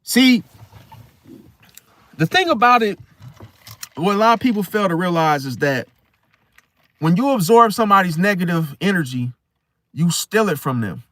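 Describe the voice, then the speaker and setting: A man's voice: high-pitched, sing-song, moderate pace, long pauses, fairly bright tone. A man hosting an astrology video, talking casually to camera in a rambling, slangy way with many restarts.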